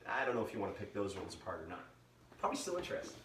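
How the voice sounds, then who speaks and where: A man's voice: on the low side, big pitch swings, very fast, fairly bright tone, slight background noise. A middle-aged man, a museum educator, giving a playful live talk for kids and imitating owl calls. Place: indoors, museum room. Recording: roomy sound, mic at a distance.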